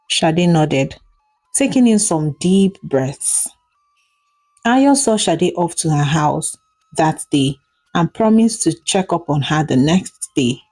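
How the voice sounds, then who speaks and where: A woman storyteller with a Nigerian accent narrating a tale in a slow, measured way. Her voice sits low and mellow, with faint music underneath. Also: lively intonation.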